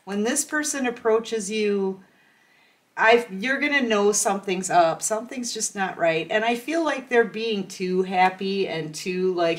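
Woman doing a tarot reading, slow unhurried talk, chatty, acts out little dialogues. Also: medium pitch. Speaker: tarot reader. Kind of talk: casual tarot reading to camera.

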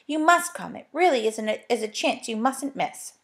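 A woman's voice: fairly high pitch, big pitch swings, moderate pace, fairly bright tone, pitched above the performer's own voice. Moonface, a reassuring magical man voiced by a woman.

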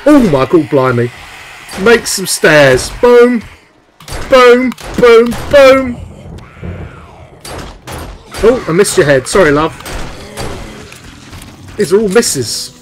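Man, young, live game streamer, excitable and chatty, higher voice, bouncy pitch. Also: unhurried, pauses often, slight background noise. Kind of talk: live gameplay commentary.

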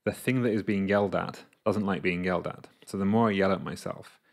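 This coach has a low voice with vocal fry, fairly even intonation, and a slightly quick pace. In a relaxed, reflective talk to camera, he draws on personal examples to explain an idea and performs his inner voices.

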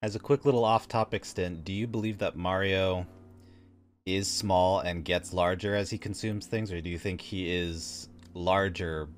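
A man co-hosting a casual podcast chat about tabletop games, speaking in a deliberate, measured way with pauses. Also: low voice, fairly even intonation, faint music behind. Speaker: podcast co-host.

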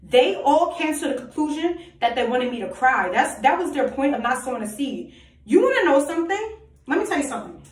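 A woman giving an emphatic, preachy personal monologue full of rhetorical questions and repetition. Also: a little high. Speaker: self-styled prophetic vlogger. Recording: echoey room, voice far from mic.

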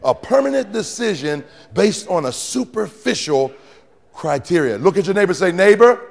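High, lively gravelly preacher man. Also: normal speed, in a large hall. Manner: call-and-response preaching with sudden shouts and drops; playful teasing of the congregation. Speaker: pastor. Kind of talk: sermon. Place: church sanctuary with congregation.

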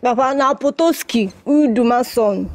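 A woman's voice: on the high side, moderate pace, a little mellow, lightly acted. An actress with a Nigerian accent playing a naive young daughter who answers her father innocently.

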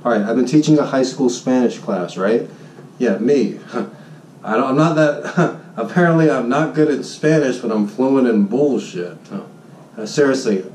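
A man, a high school Spanish teacher, telling a story in a jokey, boastful vlog and acting out his own shouts. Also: roomy sound, distant mic, a little hiss or hum, rough recording. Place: Honolulu.

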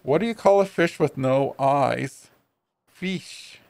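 A man voicing a talking toy tuna in a video game, reciting odd fun facts in a flat, matter-of-fact way. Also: fairly high pitch, slow, gravelly, no echo. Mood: deadpan. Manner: cheerful deadpan fact recital.

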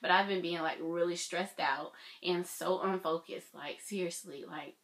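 A young woman vlogging casually, gushing and excitable, with lots of filler words. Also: on the low side, moderate pace. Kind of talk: casual reaction vlog.

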